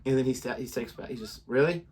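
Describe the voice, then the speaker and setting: A man's voice: mid-range voice, flat delivery, fast talker, dark tone, breathy edge. A man co-hosting a reaction video in casual chat, joking and rambling as he laughs often. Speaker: reaction channel co-host.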